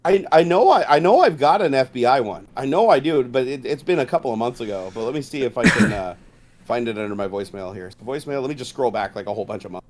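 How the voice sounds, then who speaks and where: A man's voice: medium pitch, expressive, fast talker, a little mellow. A middle-aged man on a casual livestream, telling stories in a loose, profane way and laughing often. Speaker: streamer co-host.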